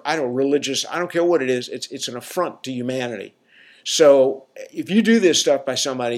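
Southern-accented man, casual rambling monologue host, mid-pitched voice. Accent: Southern American. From Southern United States. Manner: rambling, colloquial, talks to listeners with frequent "right?".

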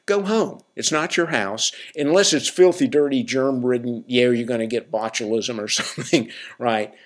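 A male podcast host talking off the cuff at an ordinary middle pitch. He rambles through fillers and asides, then turns blunt and wry. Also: moderate pace. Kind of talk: casual advice monologue.

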